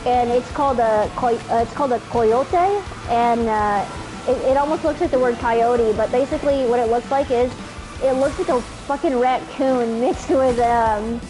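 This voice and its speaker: A young woman telling a travel story in casual chat while playing a racing game with a friend, animated and swearing freely. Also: a little high, moderate pace, over music. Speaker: gamer co-streamer.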